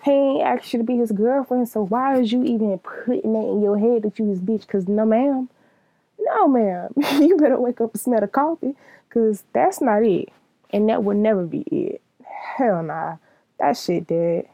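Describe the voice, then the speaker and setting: A woman's voice: a little high, normal speed, warm tone, no echo, dull audio. A young woman giving a blunt, profane, casual monologue, laughing often.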